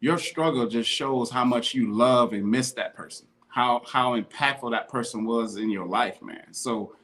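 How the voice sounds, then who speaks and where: A man's voice: medium pitch, a little slow, fairly bright tone. A man co-hosting a podcast, talking in a heartfelt, slangy, casual way. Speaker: podcast co-host.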